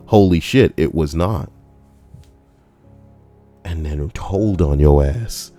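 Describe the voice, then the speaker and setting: A man's voice: rumbling low, slow, mellow, faint music behind. A man reading forum stories aloud with comedic commentary, crude and profane, full of jokey asides. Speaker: YouTube narrator reading forum posts.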